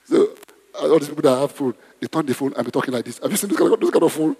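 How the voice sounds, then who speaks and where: Lively husky preacher in a hall. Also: male voice, a little high, rapid-fire. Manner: conversational, asks the congregation questions. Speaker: pastor. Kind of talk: sermon. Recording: long hall reverb.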